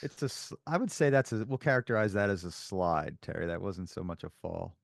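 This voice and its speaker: Male co-host, low gravelly voice, calm dry wit, dry close mic. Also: brisk, no echo. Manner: calm, dry-humored, brief replies. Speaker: podcast co-host. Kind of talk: casual chat.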